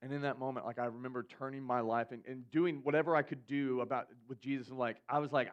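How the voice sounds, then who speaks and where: Young male youth pastor, casual animated sermon delivery, mid pitch, slightly muffled sound. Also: fast, few pauses.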